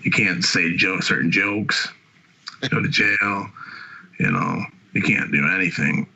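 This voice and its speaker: A man's voice: low-pitched, a little slow, vocal fry, sharp tone, slightly rough, low-quality recording. A man hosting a podcast, swearing constantly as he rambles through casual profane chat. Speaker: podcast host.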